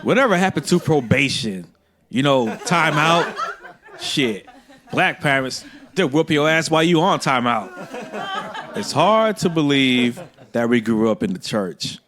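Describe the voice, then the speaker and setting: A man's voice: medium pitch, lively intonation, a little slow. A male stand-up comedian telling brash, profane stories on a stage with a handheld mic. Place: comedy stage before an audience. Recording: live show with loud crowd laughter.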